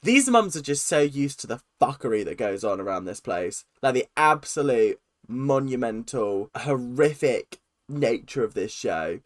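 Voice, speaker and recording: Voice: medium pitch, big pitch swings, a little slow, no room sound, studio quality. A British YouTube host ranting casually and sarcastically while reacting to a TV show. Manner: blunt, ranting, sarcastic, swears.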